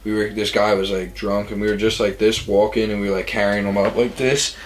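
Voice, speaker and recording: A man's voice: on the low side, level tone, a little fast, slight background noise, poor audio. A young man casually telling rambling party stories, full of "like" and acted-out quotes. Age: young adult. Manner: rambling, says "like" a lot, acts out quotes. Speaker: storytelling guest.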